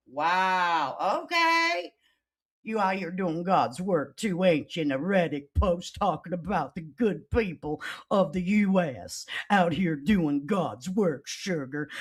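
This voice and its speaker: A woman commenting on online drama during a livestream, reading posts aloud and answering them with sarcasm and sudden loud outbursts. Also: slightly rough. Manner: sassy, sarcastic, swings between loud outbursts and low mutters.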